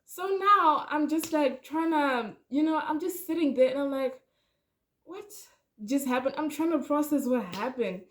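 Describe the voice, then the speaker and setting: A woman's voice: sits high, normal speed, few pauses. Chatty young woman. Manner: animated, chatty, addresses viewers directly. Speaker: vlogger. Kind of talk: storytime vlog.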